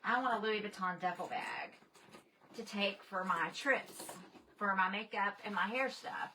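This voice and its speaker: Bright-voiced gushing woman. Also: mid-range voice, measured pace, a little hiss or hum. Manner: gushing and excitable, chatty asides to viewers. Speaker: livestream host. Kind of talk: casual livestream chat.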